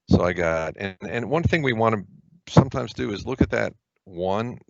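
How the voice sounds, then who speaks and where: A man's voice: on the low side, expressive, normal speed, creaky, no echo. A man teaching an online test-prep lesson, explaining grammar casually and often checking in with the listener. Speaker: SAT prep tutor. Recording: dull lo-fi webinar audio.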